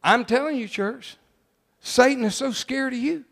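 A middle-aged pastor with a notably high voice for a man, preaching in an emphatic, folksy style. His sermon rings out with a long echo from a church hall. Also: moderate pace, vocal fry, fairly bright tone. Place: church sanctuary.

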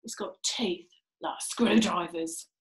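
A woman voicing a mean, hairy old man from a children's story, speaking in a gruff, mock-innocent way. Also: lowish voice, slow, voice pushed down. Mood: teasing. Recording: roomy echo.

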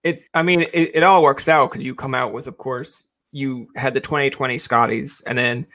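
A man's voice: medium pitch, steady tone, normal speed, fairly bright tone. A young man hosting a casual interview, chatty and joking, acting out quotes as he talks. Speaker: host.

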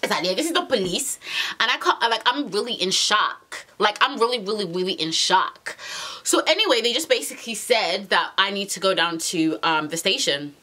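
Animated, exasperated young British woman. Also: medium pitch, moderate pace. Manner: exasperated, dramatic, full of slang. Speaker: vlogger. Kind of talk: storytime monologue.

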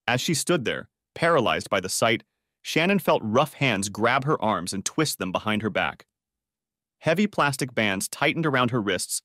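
A man reads a dramatic story aloud with a lively, rising-and-falling delivery. The recording is close and dry, with no room sound. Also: mid-range voice, dry recording. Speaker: audiobook narrator. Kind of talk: scripted narration.

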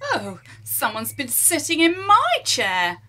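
Figure: fussing mother bear, voiced by a woman. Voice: high, bright, sing-song. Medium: storybook read-aloud. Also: wildly swooping pitch, slow pace, exaggerated voice. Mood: indignant.

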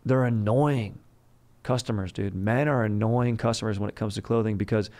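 A man's voice: fairly low pitch, fairly even intonation, moderate pace, a little mellow. A man hosting a comedic podcast monologue in a rambling, boastful bro manner, calling everyone dude and bro. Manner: rambling, boastful salesman banter. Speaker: podcast host.

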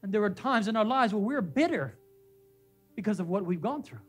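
A man's voice: high voice, expressive, a little fast, slightly rough, faint music behind. A male pastor preaching a sermon in a church. He repeats names and phrases for emphasis and puts questions to the congregation. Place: church sanctuary.

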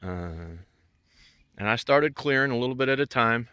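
A man's voice: medium pitch, expressive, moderate pace, bright, forceful tone, smooth, no room sound, clean studio sound. A middle-aged man from the American South giving a rambling, casual walking tour of his homestead outdoors, with many fillers and restarts. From Southern United States. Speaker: homesteader vlogger.

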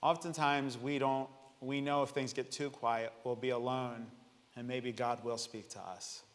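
A man preaching a sermon, reading scripture dramatically and swinging between loud declarations and hushed lines. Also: medium pitch, fairly even intonation, a little slow, long reverb tail. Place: church sanctuary.

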